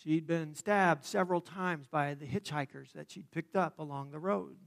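High-voiced preacher telling a story. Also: male voice, normal speed, creaky. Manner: dramatic, swelling and hushing by turns. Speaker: pastor. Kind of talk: sermon storytelling.

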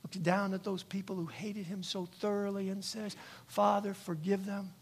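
Man, pastor, sermon, emphatic, repetitive, high voice. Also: fairly even intonation, normal speed, slightly rough. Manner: repetitive, emphatic preaching with tag questions. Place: church.

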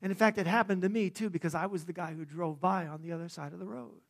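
A man preaching a sermon, praying and then telling a story dramatically, swelling loud and dropping to a hush. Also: high-pitched, quick pace, creaky. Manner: dramatic, swelling and hushing by turns. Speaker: pastor.

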